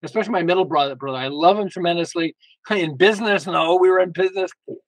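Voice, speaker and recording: Guest male, high voice, emphatic and lively, tells stories, dry close sound. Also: fast, no echo, rough recording. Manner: emphatic, lively storyteller with frequent restarts. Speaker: guest author. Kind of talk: casual interview talk.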